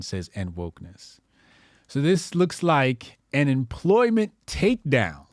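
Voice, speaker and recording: A male comedian riffs through internet posts in loose slang, swearing freely and breaking into laughter. His voice sits at an ordinary middle pitch. The recording is dry and close. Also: huge pitch swings, slow, no echo. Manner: profane, laughing, slangy and off-the-cuff. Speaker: comedian host.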